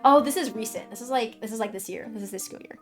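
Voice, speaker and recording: A woman streaming as she reads a story game aloud, with a fairly high voice. Her dramatic reading gives way to loud, sweary reactions. Soft music plays underneath. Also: fast.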